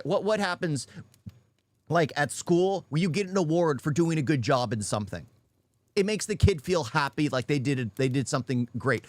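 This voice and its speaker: A man's voice: on the high side, no echo. A man ranting in an unscripted reaction video, blunt and often repeating his points. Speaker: YouTube reaction commentator.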